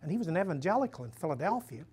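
A male missionary priest speaks casually to a live audience in a room, his voice pitched high, very animated and rapid-fire, a little mellow and slightly rough. He links his points through stories, says "you know" often, and raises his voice to act out any dialogue he quotes.

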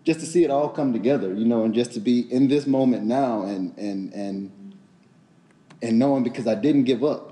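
A man playwright on a panel, speaking in a heartfelt, halting way with many restarts. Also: mid-range voice, lively intonation, dark tone. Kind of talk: panel discussion.

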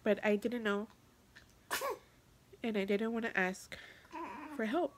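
A young woman vlogger speaking through tears in an emotional confessional vlog, halting and repeating herself, often dropping to a whisper. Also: mid-range voice, fairly even intonation. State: tearful.

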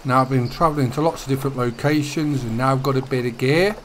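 A young man talks casually over a fishing game, his voice sitting at an ordinary middle pitch. He drifts from chat into friendly tips in a relaxed, easygoing way. A faint background noise runs under the recording. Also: fast. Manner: chatty, relaxed, gives tips. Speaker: gaming YouTuber. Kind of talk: casual gameplay commentary.

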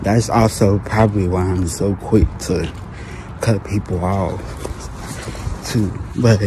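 A young man talks to his camera in a low, unhurried voice. He sounds tearful and holds back emotion, or speaks softly with a strained, nearly lost voice. Clear background noise runs behind him. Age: 20s. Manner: emotional, holding back tears; soft and calm, voice nearly lost. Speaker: vlogger. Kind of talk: personal vlog talk to camera.

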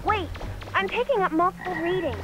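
A very high, bright young radio guide in a video game, anxious and protective, warning her partner of danger. Game music plays steadily behind her. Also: fairly quick. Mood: concerned. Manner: urgent, concerned warnings. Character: young woman guiding a hero by radio.

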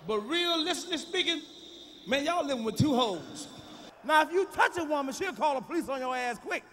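A male stand-up comic, high-voiced, brisk and lively in intonation, roars through a profane routine and shouts his punchlines. The set comes from a live recording on a large theater stage, with faint crowd noise and big hall reverb.

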